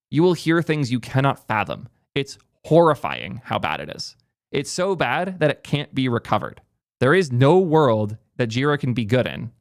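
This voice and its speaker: A man's voice: medium pitch, no room sound, studio quality. Emphatic ranting male tech commentator. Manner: emphatic, ranting, rapid asides. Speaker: tech YouTuber host. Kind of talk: opinionated commentary.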